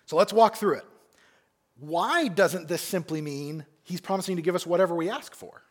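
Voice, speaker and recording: A man's voice: sits high, normal speed. A male pastor preaching an expository sermon in a church, asking his listeners many questions. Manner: animated, asks the congregation many questions. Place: church sanctuary.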